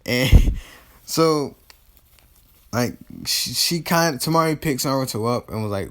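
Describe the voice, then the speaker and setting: A man spinning a fan-made tale in a loose, conversational way. He rambles and fills pauses with "like" and "um", stops to recall names, and swears offhandedly. His voice sits at an average pitch for a man. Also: expressive, a bit bright. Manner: rambling, full of fillers, casual swearing. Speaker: storyteller. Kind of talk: casual fan-fiction storytelling.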